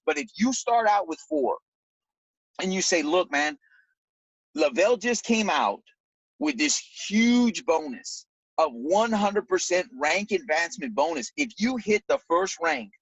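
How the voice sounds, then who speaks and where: A man's voice: sits high, measured pace, gravelly, breathy edge, no echo. A man giving a motivational network-marketing pep talk, repeating his points with lots of energy. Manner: animated, repetitive, pep-talk delivery. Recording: dull lo-fi recording.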